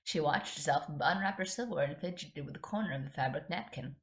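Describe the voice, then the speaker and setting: A woman's voice: deep voice, fast talker. A woman hosting a podcast, reading fan fiction aloud casually, with chatty asides and little giggles. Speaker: podcast host.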